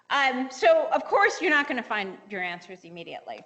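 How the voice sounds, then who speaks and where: A woman in her forties giving a conference keynote, telling lively stories with fillers and laughs and acting out quoted dialogue. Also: high-pitched, fairly quick. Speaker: keynote speaker, engineering professor. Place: lecture hall. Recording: long reverb of a lecture hall.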